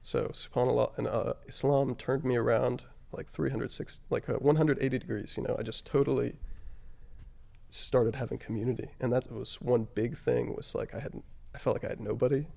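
A man telling his personal story as an interview guest, halting and reflective, often pausing on fillers and dropping his voice on emotional points. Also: mid-range voice, fairly even intonation, vocal fry, mellow. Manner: halting and reflective, frequent "like" and "you know" fillers.

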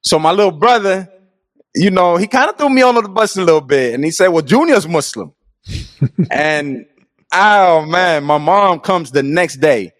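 A man's voice: fairly high pitch, animated, normal speed, a bit bright, dry recording. A middle-aged man telling his own life story in an earnest, reflective and casual way. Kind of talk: personal storytelling.

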